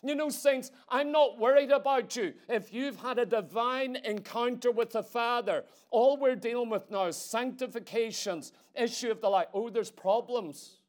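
A man preaching a sermon to a congregation, firing rhetorical questions and swinging between forceful emphasis and hushed intensity. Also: very high-pitched, moderate pace, few pauses. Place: church meeting room.

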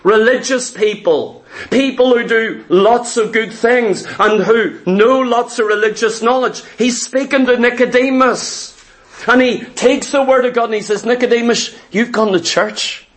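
A man's voice: very high voice, unhurried. A man preaching a sermon with an emphatic, repetitive cadence.

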